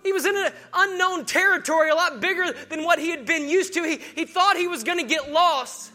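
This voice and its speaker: A man preaching a sermon, swinging between hushed storytelling and rousing declarations. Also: very high-pitched, moderate pace, faint music behind. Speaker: pastor.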